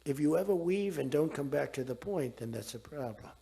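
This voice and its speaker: A man's voice: on the high side, animated, brisk, gravelly, mellow, breathy edge. A man in his seventies giving a rambling speech, digressing and repeating himself.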